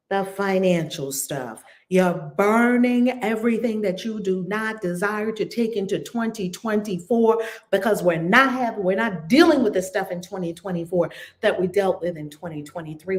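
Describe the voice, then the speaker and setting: A reverend with a New York accent speaks from her own home in a livestreamed spiritual session. She is effusive and leans on repeated affirmations, then slows into a measured, chant-like guided prayer. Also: mid-range voice, a little mellow.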